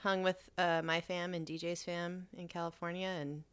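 A woman in relaxed casual chat who swears freely and laughs easily. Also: on the low side, normal speed, clear, resonant tone.

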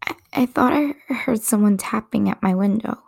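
A woman's voice: a little high, moderate pace, gravelly, a little mellow, slightly rough, heavily acted. A woman voicing a frightened young woman who speaks shakily and breathlessly, often half-whispered.

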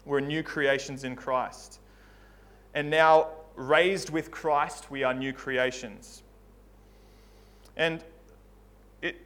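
A man's voice: fairly high pitch, fairly bright tone. A man preaching a sermon in a church, earnest and conversational, often restarting his phrases. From Australia. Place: church hall.

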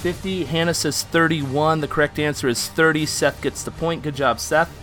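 Bright-voiced man hosting a quiz chat. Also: on the high side, steady tone, moderate pace, faint music behind. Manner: reads out questions and scores, laughs easily. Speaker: podcast host running a quiz. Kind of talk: casual chat.

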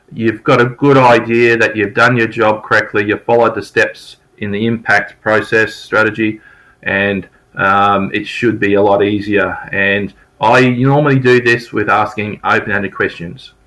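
A man's voice: fairly low pitch, pushed and bright, low-quality recording. A middle-aged man teaching sales techniques in an informal, conversational way, repeating key points for emphasis. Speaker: sales trainer. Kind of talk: informal spoken sales lesson.

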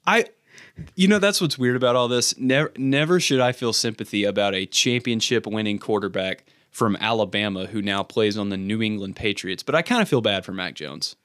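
A man's voice: fairly low pitch, fairly quick, a bit bright, no room sound. A man co-hosting a sports podcast, reading a punny recap, then chatting with fillers and restarts. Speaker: podcast co-host. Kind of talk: casual sports chat with scripted recap.

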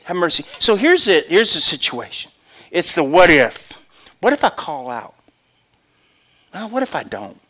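Middle-aged preacher, bright forceful voice, kinda high, acts out voices and goes quiet then loud. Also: male voice, unhurried, pauses often. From Louisiana. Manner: lively, acts out voices, swings from hushed to shouting. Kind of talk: sermon.

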